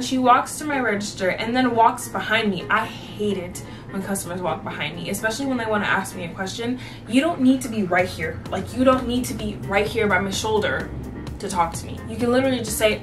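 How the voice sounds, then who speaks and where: A woman's voice: fairly high pitch, moderate pace, far from the mic, over music. A woman vlogger animatedly telling a sassy story about her job as a cashier. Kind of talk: storytime vlog.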